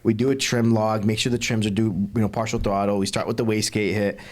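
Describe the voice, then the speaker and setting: A man's voice: on the low side, flat delivery, fast talker. A man hosting a podcast, chatting casually and telling stories with plenty of swearing. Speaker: podcast host.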